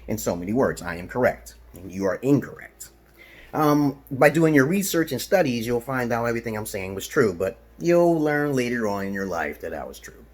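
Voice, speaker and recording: A man's voice: medium pitch, slightly rough. A man from Brooklyn, talking to camera in a rambling, profane, boastful monologue that drops to mutters and jumps to outbursts. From Brooklyn, New York. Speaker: video blogger.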